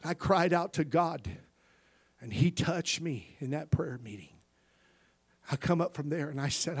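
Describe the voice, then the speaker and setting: A male pastor giving a sermon, moving from quiet personal stories to loud, impassioned preaching. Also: a little high, unhurried. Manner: impassioned preaching that swings from quiet storytelling to shouting.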